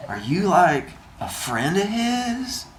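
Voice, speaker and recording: A man's voice: sits high, sing-song, slow, pitched above the performer's own voice, heavily acted. A man doing a drawling laid-back hippie. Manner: drawling, mellow slang. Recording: roomy room with faint noise.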